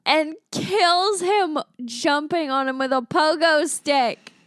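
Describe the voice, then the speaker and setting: A woman's voice: high-pitched, slow pace, dry recording, clean studio sound. A woman co-hosting a casual movie-riffing chat, amused as she retells scenes. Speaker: podcast co-host.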